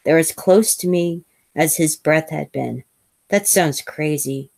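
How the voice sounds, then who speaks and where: Woman, novel reading, low voice, dry close sound, measured pace, occasional restarts. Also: gravelly, a little mellow, no room sound. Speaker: host reading a novel aloud. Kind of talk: first-person novel reading.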